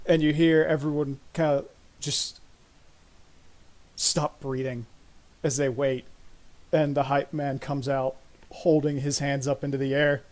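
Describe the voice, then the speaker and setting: Slow, laid-back male game master. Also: medium pitch, level tone, a little mellow. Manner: laid-back, halting, lots of fillers. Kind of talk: narrating a tabletop game.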